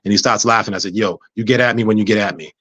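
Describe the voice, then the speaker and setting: Fast-talking man telling a story. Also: on the low side, dry recording, dull audio. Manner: animated, acts out dialogue, frequent stammers and restarts. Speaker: guest. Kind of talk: casual storytelling.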